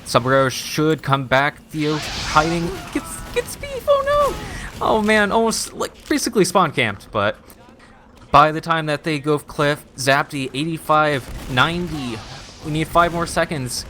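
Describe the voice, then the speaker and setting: Excitable American man calling plays. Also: a little high, slight background noise. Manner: excitable, rushes through calls. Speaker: esports caster. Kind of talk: excited play-by-play commentary.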